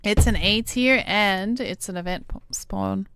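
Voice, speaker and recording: Very smooth-voiced woman streamer. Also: medium pitch, measured pace, fairly bright tone, dry recording, studio quality. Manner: chatty, talks to chat, reads game dialogue aloud. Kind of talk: casual gaming livestream chat.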